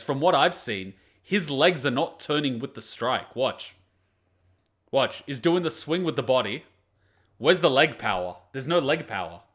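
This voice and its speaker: Animated, blunt man reacting to anime. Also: mid-range voice. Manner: blunt, profane, mocking critique. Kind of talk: casual reaction commentary.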